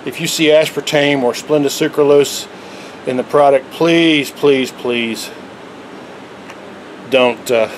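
A man's voice: medium pitch, slight background noise, rough recording. A man giving a casual, rambling vlog monologue, earnest and preachy and breaking into chuckles. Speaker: vlogger.

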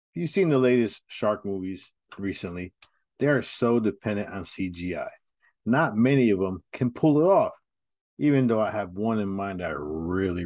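A man's voice: on the low side, very noisy. A man hosting a casual film review, talking candidly and directly to his viewers.

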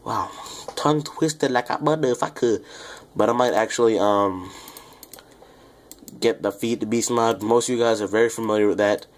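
A young man with a lowish, quiet voice that seems to drift away from the microphone, chatting loosely to his viewers as he plays. He rambles, apologizes, and pokes fun at himself. Faint keyboard clicks tick along beneath him. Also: steady tone, normal speed, a little hiss or hum. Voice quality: low, quiet voice that sounds off-mic. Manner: rambling, self-deprecating, chatty asides to viewers. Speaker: gaming YouTuber. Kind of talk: casual Let's Play commentary.

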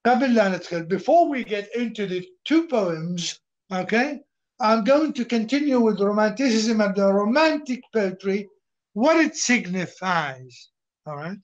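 Lecturing a literature class at a moderate pace, a man speaks in a high voice with lively intonation, slipping briefly into a few Arabic words. He repeats points and answers his own questions, and the recording is dull and lo-fi.

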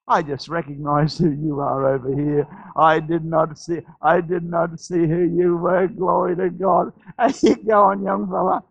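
A man's voice: fairly high pitch, flat delivery, measured pace, vocal fry, hardly any pauses, breathy edge, dry recording, rough recording. A man with an Australian accent preaching a sermon as pastor, urging his listeners with repeated phrases and frequent restarts. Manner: repetitive, exhorting, stammering restarts.

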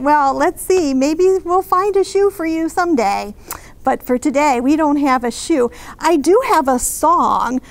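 A woman children's librarian reading a picture book aloud and talking to little ones in a gentle sing-song way. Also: high voice.

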